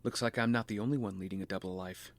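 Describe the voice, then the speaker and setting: A man voicing an earnest young male archer hero who speaks plainly and shouts when pushed. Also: on the low side, fairly even intonation, quick pace, dry recording, close to an everyday voice. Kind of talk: fan audio drama.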